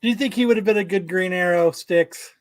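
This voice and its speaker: High-voiced profane podcast host man. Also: brisk, dry recording. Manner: profane, joking, reads news aloud. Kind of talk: casual comic podcast banter.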